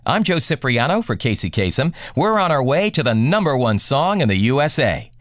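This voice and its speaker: A man hosting a radio countdown show, reading scripted song intros in a smooth announcer delivery. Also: medium pitch, big pitch swings, moderate pace, fairly bright tone, no room sound, clean studio sound.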